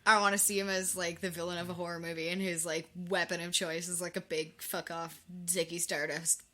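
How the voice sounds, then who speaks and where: A woman's voice: lowish voice, little pitch movement, brisk, pushed and bright. A woman co-hosting a casual podcast, chatty and full of 'like'. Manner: chatty, laughing, uses 'like' often. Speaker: podcast co-host. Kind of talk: casual chat.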